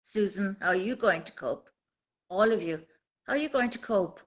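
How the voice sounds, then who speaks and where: A woman's voice: medium pitch, lively intonation, moderate pace, lo-fi sound. A woman in her fifties with an Irish accent, a guest on a live video call, talking earnestly about her own experience in repeated rallying phrases. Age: 50s. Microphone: phone held by hand on video call.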